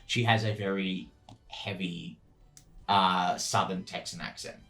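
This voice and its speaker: Low-voiced man running a tabletop game. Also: fairly even intonation, unhurried, sharp tone, roomy sound. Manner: rambling, many fillers and restarts. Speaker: dungeon master.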